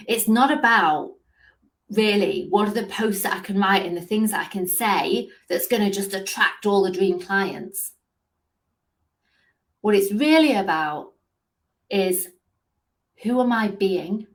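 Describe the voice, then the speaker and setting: Earnest woman coaching with rhetorical questions. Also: mid-range voice. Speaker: business coach. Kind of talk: live motivational talk.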